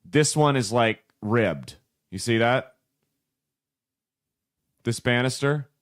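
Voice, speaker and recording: A man talking in a loose, chatty way, skeptical and fond of teasing, his speech full of "like" and restarts. His voice sits at an ordinary pitch. The sound is dry and close, with no room echo. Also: takes it slowly, clear, resonant tone. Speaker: podcast co-host. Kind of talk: casual chat.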